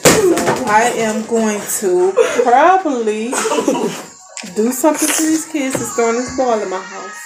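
A US mother in her thirties who vlogs about her family rambles through a story in casual conversation, with asides to her kids, over music in her noisy basement. She speaks expressively and a little slowly, her pitch fairly high.

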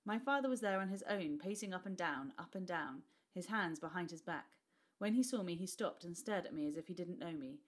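A woman's voice: lowish voice, a little fast. British woman reading a novel aloud. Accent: British English. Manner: expressive, voices characters, drops to whispers. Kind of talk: storybook read-aloud.

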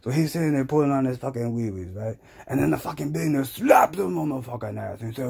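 A man's voice: medium pitch, fast talker, creaky, hardly any pauses, darkish tone, breathy edge. A man telling a crude comic story in a profane, rambling, slangy way. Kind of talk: crude comedic storytelling rant.

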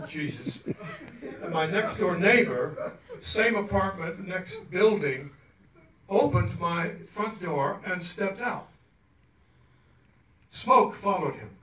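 This guest speaker, from Arkansas in the USA, reads his own story aloud to an audience, chuckling wryly as he goes. His voice is slightly high and fairly bright, and the distant mic in the cultural center's roomy event hall adds a little hiss or hum.

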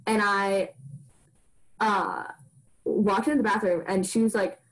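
A woman's voice: medium pitch, fairly even intonation, unhurried, rough recording. A young adult woman, co-hosting a podcast, telling a personal story in a rambling, casual way, with "like" in nearly every phrase. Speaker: podcast co-host. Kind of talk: casual chat.

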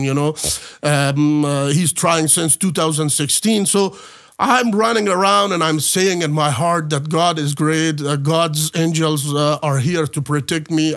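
Halting man, fairly high voice. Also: fairly bright tone. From Afghanistan. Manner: halting, many fillers and restarts, earnest storytelling. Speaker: guest. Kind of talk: personal testimony in a podcast interview.

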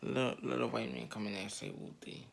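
A man's voice: medium pitch, fairly even intonation, a little fast, gravelly. A man ranting in heated, slangy street talk straight at his viewers, repeating his points over and over. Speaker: online commentator.

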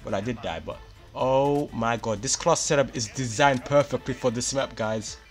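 A man and gaming YouTuber giving excited gameplay commentary, hyped and exclaiming often, voice a bit worn. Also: mid-range voice, moderate pace, faint music behind. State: losing his voice a little.

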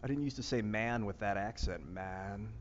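This Northeast Ohio man speaks low and briskly as he vlogs from a rooftop surrounded by plants, drifting through a casual monologue full of fillers and restarts. The lo-fi recording has a big-room sound and slight background noise.

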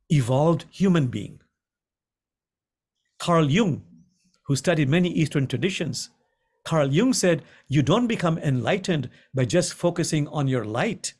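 Gentle man teaching with lively pitch. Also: breathy edge. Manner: gentle, repeats key phrases slowly for emphasis. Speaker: imam and spiritual teacher. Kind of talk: guided contemplative teaching. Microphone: video call.

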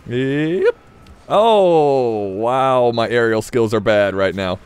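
A man with a slight Southern US accent giving rambling, self-mocking commentary while playing a game, breaking into sudden excited yelps. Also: medium pitch, takes it slowly, smooth. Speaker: gaming YouTuber. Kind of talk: casual gameplay commentary.

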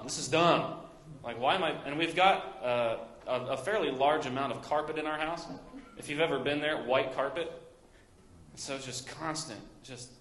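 Young Midwestern pastor, rambling story-style sermon, mid-pitched, echoey church sound. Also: male voice, fairly bright tone. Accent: Midwestern American. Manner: storytelling with many fillers and restarts. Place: church sanctuary.

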